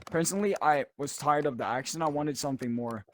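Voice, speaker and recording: A man's voice: a little high, quick pace, a little hiss or hum. Swedish guy with a mixed accent. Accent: Swedish mixed with Australian and British. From Sweden. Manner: laughs often, loose and hesitant. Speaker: podcast guest. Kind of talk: casual chat.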